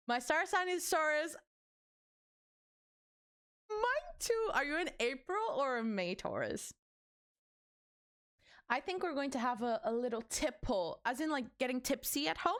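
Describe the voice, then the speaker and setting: A young woman streaming live, chatting loosely with her viewers. Her voice sits a little high and swings up and down a lot as she jokes. She is excitable and teasing, swears freely and laughs often. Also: measured pace, long pauses. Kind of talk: casual livestream chat with viewers.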